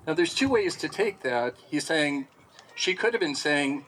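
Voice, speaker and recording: A man with a fairly high, lively voice teaches a Bible lesson at a measured pace, reading verses aloud and then explaining them with rhetorical questions. His tone is a bit bright, and the audio quality is poor.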